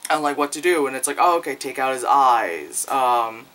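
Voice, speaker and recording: In a rough recording, a man with a medium-pitched, slightly bright voice talks at a normal speed while casually reviewing a film. He rambles loosely, packing in fillers and profanity, and acts out quoted lines in jumpy voices.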